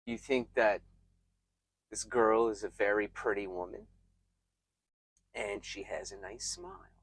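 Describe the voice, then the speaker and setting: A man giving reflective, emphatic self-help advice straight to his viewers, pausing often and restarting his sentences. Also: on the low side, husky, no room sound. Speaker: self-help video creator. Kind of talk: earnest self-help talk to camera.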